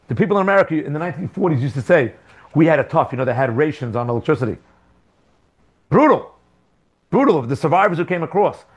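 A man giving a Torah class as a religious teacher, animated, with rhetorical questions and emphatic repetitions. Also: fairly high pitch.

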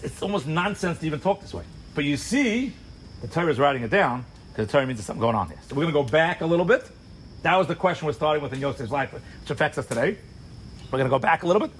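Male Torah teacher, higher-than-average voice, rapid-fire animated storytelling for a live room, faint background hum. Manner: fast, animated storytelling with rhetorical questions and acted asides. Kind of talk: sermon-style Torah class.

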